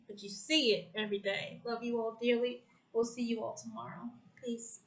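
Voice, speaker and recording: A woman's voice: on the high side, little pitch movement, moderate pace, rough recording. A woman hosting a casual spiritual chat on a video call, effusive, heartfelt and emotional as she closes the show. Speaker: host.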